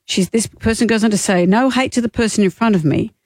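A woman's voice: medium pitch, quick pace, a little mellow, no echo, clean studio sound. A woman co-hosting a radio show, telling stories and teasing her co-host in casual banter. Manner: chatty, teasing storyteller.

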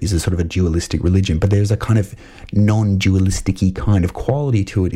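This podcast host is a young man whose voice is low-pitched and warm. Talking about a film, he works through his ideas thoughtfully but loosely, often restarting and leaning on fillers in a relaxed, analytical chat.

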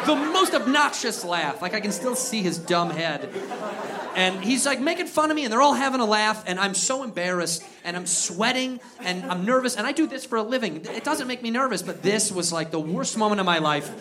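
High-voiced man doing live stand-up. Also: a little fast. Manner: animated storytelling, acts out characters. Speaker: stand-up comedian. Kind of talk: stand-up comedy set. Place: live comedy venue with audience. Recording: live show with crowd and noise. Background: audience laughter.

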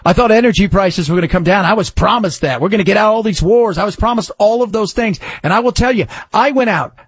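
An American talk radio host with a high, slightly rough voice rants fast, full of sarcasm and exasperation, then reads ads in that same voice. It's an opinionated monologue with host-read spots, recorded with no room sound.

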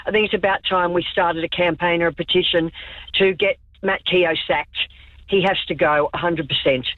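A woman's voice: lowish voice, fairly even intonation, moderate pace, dry recording. A woman calling in to a talkback show, earnest and upset. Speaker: caller. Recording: tinny phone line.

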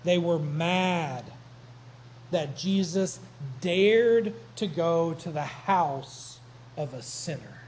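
Male pastor, relaxed storytelling sermon delivery, unhurried, pitched a bit high. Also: a little hiss or hum, low-quality recording. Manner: conversational, joking storyteller.

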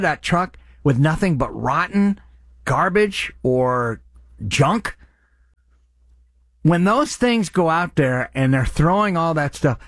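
A man's voice: on the high side, no echo. Impassioned male radio host, dry sound. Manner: impassioned, earnest. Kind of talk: radio charity appeal.

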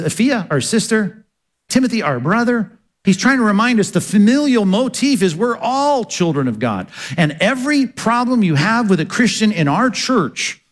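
A man's voice: high-pitched, in a large hall. A man preaching a sermon as pastor, earnestly asking rhetorical questions and answering them himself.

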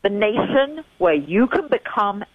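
An older woman from England, a guest in an interview, telling stories with animated, emphatic repetition over a dull lo-fi line. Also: medium pitch, a little slow, dry recording. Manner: animated storyteller, emphatic repeating. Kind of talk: phone-in interview chat.

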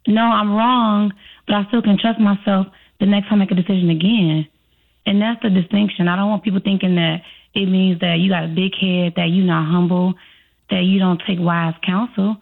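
Over a thin, phone-quality connection, a Chicago woman with a slight local accent speaks at normal speed in a creaky, mid-range voice. She's a guest self-trust coach, responding to interview questions and voicing her inner dialogue aloud.

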